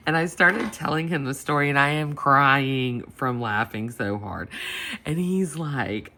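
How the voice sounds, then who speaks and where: A woman with a low voice talks at a measured pace, chatting at her home desk with dogs nearby while she plans. As a planner vlogger, she retells an embarrassing story with animation, laughing and acting out the people's voices.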